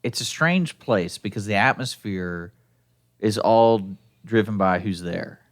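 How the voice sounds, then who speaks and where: Low-voiced male host; jokey, rambling, relaxed. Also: slow. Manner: joking, talkative, lots of "like". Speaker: radio show host. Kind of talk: casual radio chat. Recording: radio studio.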